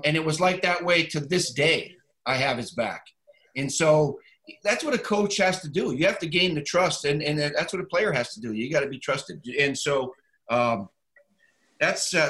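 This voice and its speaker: Animated older man telling a story. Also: on the high side. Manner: animated storyteller, acts out both sides of a phone call. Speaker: guest, former football coach. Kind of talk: storytelling in a casual podcast chat.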